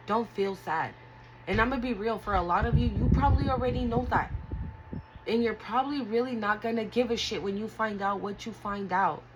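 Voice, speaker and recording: A woman's voice: mid-range voice, noisy background. Blunt, profane woman reading tarot cards. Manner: blunt, profane, emotional and earnest. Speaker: tarot reader. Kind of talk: casual spiritual tarot reading.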